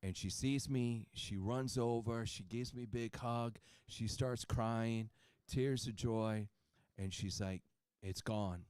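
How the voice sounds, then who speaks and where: A man's voice: mid-range voice, steady tone, slow pace, darkish tone, clean tone, dry recording. A man presenting at a clinic, giving an upbeat, persuasive sales talk that he keeps checking with "okay?" and "right?". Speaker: clinic presenter pitching a supplement.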